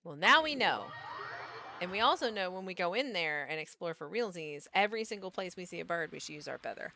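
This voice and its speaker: A woman's voice: fairly low pitch, expressive, a little fast, bright, forceful tone, a little hiss or hum. A woman streamer giving casual, playful commentary as she plays a game. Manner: chatty, playful, laughs easily.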